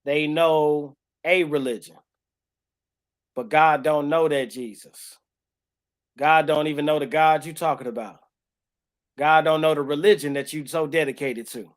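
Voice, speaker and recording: Co-hosting a faith podcast, a man with a slightly high, steady voice speaks unhurriedly with long pauses as he gives an emotional testimony in casual conversation. His delivery shifts from loud outbursts to quiet lines, and at times he laughs through tears.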